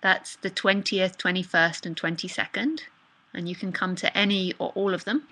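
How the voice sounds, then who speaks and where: A woman's voice: lowish voice, fairly even intonation, moderate pace, pushed and bright, rough recording. A woman giving a live spiritual talk in a casual, chatty manner that circles back and repeats itself. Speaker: spiritual teacher.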